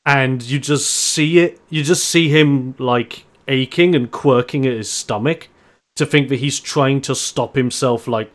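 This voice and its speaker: Male GM, animated wrestling-announcer narration, average pitch. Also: measured pace. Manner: lively, laughing, ring-announcer flair. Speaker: game master. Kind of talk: narrating a tabletop wrestling game.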